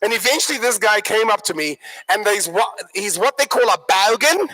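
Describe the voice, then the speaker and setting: Very high-voiced bright male workshop speaker. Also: normal speed, rough recording. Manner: animated, joking storyteller addressing the audience. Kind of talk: live motivational workshop talk.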